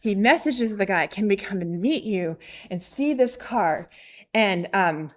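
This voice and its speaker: A woman in her thirties, a missionary telling a personal story at a ladies' ministry, animated and acting out quoted voices, with frequent fillers. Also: medium pitch, a little slow, background noise. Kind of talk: casual storytelling testimony.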